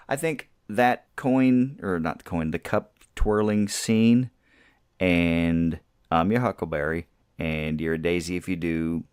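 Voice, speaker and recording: A man with a low, darkish, clean voice co-hosts a podcast, chatting casually about movies and laughing easily. The recording is dry, with clean studio sound.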